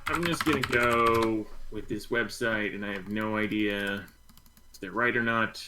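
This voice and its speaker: A man's voice: fairly low pitch, fairly even intonation, pushed and bright, a little hiss or hum, low-quality recording. Thoughtful man with keyboard typing behind. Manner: measured, slightly hesitant and thoughtful. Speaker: podcast co-host. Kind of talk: casual book club chat.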